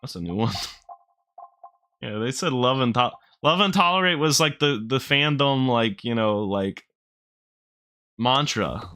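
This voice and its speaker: Unhurried and pausing often, this streamer has a mid-range, pushed and bright voice with lively intonation. He offers casual let's-play commentary while playing a video game, rambling, cracking jokes, and cursing as he responds to chat.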